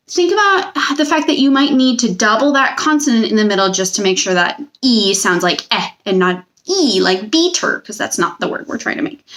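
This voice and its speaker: A woman's voice: medium pitch, fairly bright tone. A young woman teacher giving a recorded spelling lesson to children, patient and drawing out each word. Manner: patient, slow, stretches out words.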